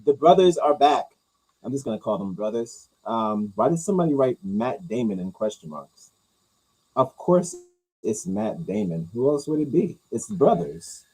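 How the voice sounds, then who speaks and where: A man hosting a casual talk, rambling through movie news with crude jokes and mumbled low asides. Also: big pitch swings, normal speed, darkish tone, slightly rough, low-quality recording. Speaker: host reacting to movie news. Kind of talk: casual chat.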